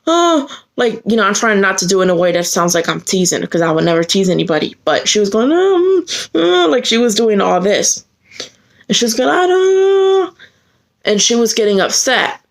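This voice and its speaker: A woman telling a personal story to the camera in an earnest way. Her voice climbs sharply when she gets indignant. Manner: earnest, heated retelling that rises sharply in pitch when indignant.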